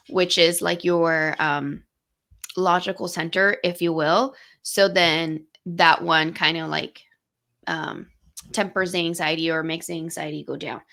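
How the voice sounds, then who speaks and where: A woman co-hosting a casual podcast, walking through brain science in plain words. Her voice sits low with a gravelly fry, and she pauses often with fillers and restarts. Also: fairly bright tone. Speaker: podcast co-host. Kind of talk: casual explanatory chat.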